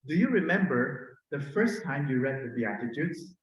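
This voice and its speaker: A man's voice: medium pitch, big pitch swings, normal speed, lo-fi sound. Filipino man preaching in an echoey hall. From Philippines. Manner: gentle and personal, often adds a questioning "no?". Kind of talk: conversational sermon. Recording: very echoey room.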